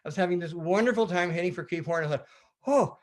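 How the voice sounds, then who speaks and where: A Canadian man in middle age recounts a voyage on a video call, his voice pitched fairly high. He rambles eagerly, doubling back on words and slipping into quick impressions of radio chatter. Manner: lively, rambling, acts out radio calls in voices. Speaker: sailor giving a presentation. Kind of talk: animated storytelling talk.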